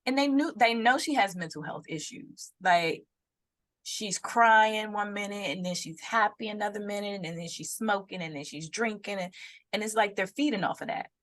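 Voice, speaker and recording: A woman's voice: mid-range voice, normal speed. A young adult woman co-hosting a podcast in casual chat, telling stories and acting out what people said. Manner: animated storytelling, acts out quotes. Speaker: podcast co-host.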